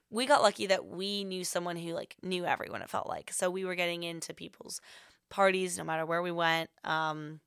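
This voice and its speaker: A woman's voice: fairly low pitch, a bit bright, smooth, no echo, studio quality. A young woman hosting a podcast who tells a rambling, casual story, full of filler words. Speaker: podcast host.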